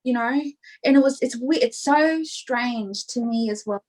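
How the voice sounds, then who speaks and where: A woman's voice: a little high, measured pace, a little mellow, rough recording. A young adult woman talking openly as a podcast guest, rambling and filling her talk with "like" and "you know". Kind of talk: casual interview chat.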